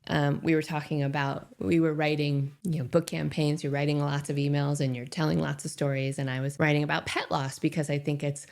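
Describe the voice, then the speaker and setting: Low, gravelly woman in her fifties. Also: level tone, fairly quick, few pauses, a little mellow. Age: 50s. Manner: reflective, earnest, restarts phrases. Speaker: podcast guest on grief. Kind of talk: casual podcast conversation.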